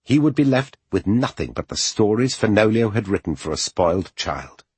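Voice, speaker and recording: Husky, low-voiced male audiobook narrator. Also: very animated, normal speed, no echo.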